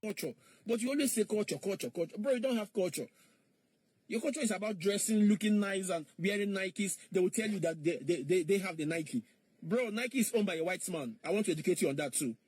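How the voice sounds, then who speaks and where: A man's voice: high-pitched, expressive, fairly quick, darkish tone, husky, dry recording. A man in a played clip, mockingly repeating questions in an argumentative monologue.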